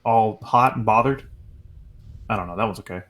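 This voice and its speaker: A man's voice: on the low side, moderate pace, a bit bright. A man co-hosting a gaming podcast, chatting casually with rambling restarts and fillers. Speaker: podcast co-host. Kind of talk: casual chat.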